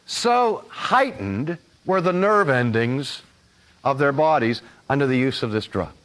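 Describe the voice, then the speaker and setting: An older man giving a recorded lecture, animated and fond of acting out his examples in voices. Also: mid-range voice, unhurried. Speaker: teacher.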